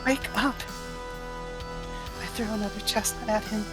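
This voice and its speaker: A woman's voice: medium pitch, fairly even intonation, normal speed, lightly acted. A woman voicing a bitter, sleepless female fiend who swears venomously and breaks into sobs, reading a visual novel aloud. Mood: bitter rage. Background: game music.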